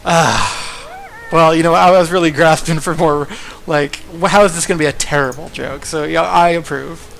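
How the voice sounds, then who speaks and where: Gravelly, goofy livestream commentator man. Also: a little high, normal speed, a bit bright, a little hiss or hum. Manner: goofy, jokey, rambling. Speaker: tournament commentator.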